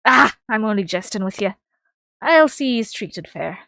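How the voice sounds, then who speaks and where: A woman's voice: medium pitch, animated, normal speed, vocal fry, no echo, studio quality. Woman doing a hearty Irish-lilted tavern keeper. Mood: teasing. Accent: Irish-style lilt. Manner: loud, hearty and teasing. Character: jovial roguish middle-aged male tavern keeper. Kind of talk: reading game dialogue aloud.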